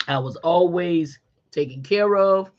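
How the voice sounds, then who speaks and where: A middle-aged woman hosting a podcast, giving a faith-based motivational talk in a folksy, animated way and calling listeners honey. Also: lowish voice, a little slow, highs cut off. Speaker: podcast host.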